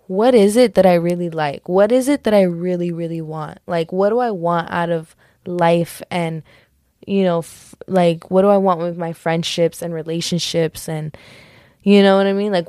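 Steady and warm, her lowish voice moves at a normal speed, with studio quality and no echo. The young podcast host talks solo in a loose, rambling way, giggling, self-correcting, and laughing things off, often saying "like" and "just kidding."

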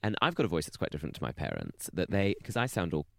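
A young man with a posh southern English accent, co-hosting a casual podcast chat, animated and giggly. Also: sits low, gravelly. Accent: southern English, posh-sounding. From England. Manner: animated and giggly, quick to gush. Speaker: podcast co-host.

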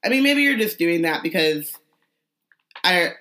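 A woman co-hosting a casual book podcast, telling animated, jokey, rambling asides. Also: fairly low pitch, measured pace. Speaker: podcast co-host. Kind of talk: casual chat about a book.

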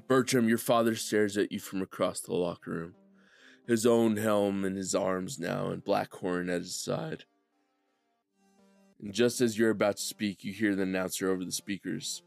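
A man's voice: low voice, fairly even intonation, normal speed, vocal fry, dry recording, faint music behind. A young man narrating as game master of a tabletop game, telling the story with laughter.

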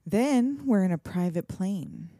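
A woman's voice: mid-range voice, animated, takes it slowly, dark tone, no room sound, clean studio sound. A woman recapping a movie's plot in casual chat, wry and profane. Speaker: podcast co-host.

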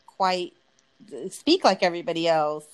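A woman co-hosting a casual podcast chat, laughing often and talking in an animated way, now and then swearing. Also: lowish voice, unhurried, crowd noise, poor audio. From Texas, US. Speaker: podcast co-host.

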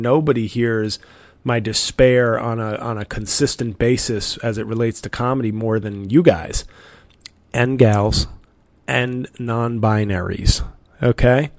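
Dry-voiced weary comedian rambling. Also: male voice, mid-range voice, dry recording. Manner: wry, weary and self-deprecating. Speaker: comedian podcast host. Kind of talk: rambling solo podcast monologue.

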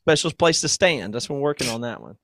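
A man's voice: mid-range voice, sing-song, fast talker, fairly bright tone, dry recording, clean studio sound. A man co-hosting a podcast, chatting casually and reading the show's plugs. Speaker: podcast co-host.

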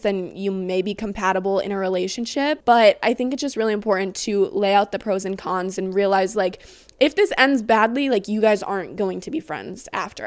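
A young woman podcast host with a mid-range voice, recorded with no room sound, gives blunt, sassy dating advice. Her casual monologue is peppered with "like" and swearing.

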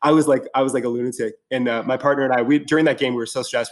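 A man talking at a medium pitch, tumbling over his words with lots of "you know" and false starts. He chats casually and gets excited as he goes. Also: racing, hardly any pauses. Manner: excited, rambling with many fillers and restarts. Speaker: podcast guest. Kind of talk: casual chat.

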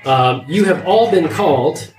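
A man setting up a tabletop adventure as game master, pausing often with ums. His voice sits a little high. The room echoes, and music plays clearly behind him. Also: lively intonation, darkish tone. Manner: hesitant, lots of ums.

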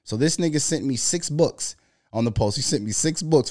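A man talking in a loose, profane monologue, telling animated stories and putting on mocking voices as he quotes people. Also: on the high side, normal speed. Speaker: podcast co-host. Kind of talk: casual monologue.

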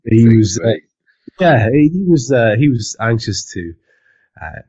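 A man's voice: medium pitch, sing-song, slow, a little mellow. A man hosting a football podcast in a rambling, casual way with plenty of hesitations. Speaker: podcast host. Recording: dull lo-fi recording.

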